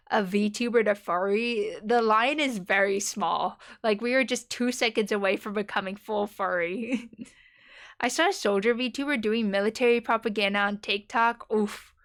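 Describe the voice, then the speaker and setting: A woman's voice: mid-range voice, fairly bright tone. A young woman streamer chatting casually with her viewers, rambling and giggling and dropping playful slang.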